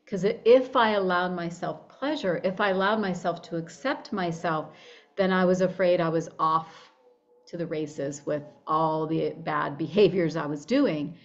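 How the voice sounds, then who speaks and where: Her voice is fairly low and unhurried, and the recording sounds muffled. She's a body-image coach talking animatedly as an interview guest, dramatizing her own inner voice and repeatedly beginning sentences again.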